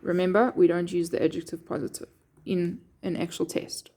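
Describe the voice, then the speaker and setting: A woman's voice: lowish voice, level tone, normal speed, mellow. A woman teacher explaining a poem line by line, checking in with her students with a frequent "okay". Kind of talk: poetry lesson explanation.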